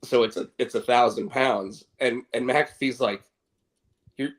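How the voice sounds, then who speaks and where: A man's voice: medium pitch, moderate pace. A man co-hosting a podcast, chatting casually and rambling with many restarts. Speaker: podcast co-host. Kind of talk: casual chat.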